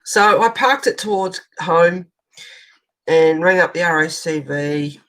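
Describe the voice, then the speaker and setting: A woman's voice: on the low side, takes it slowly, low-quality recording. An Australian woman hosting a colouring channel, telling a long rambling story in casual chat as she colours, swearing now and then.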